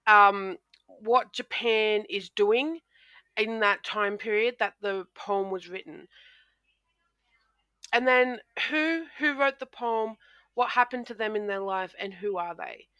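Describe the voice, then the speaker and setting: Bright-voiced woman teaching a poetry lesson. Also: medium pitch, slow, no echo. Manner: explanatory, with many ums and restarts. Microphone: close microphone.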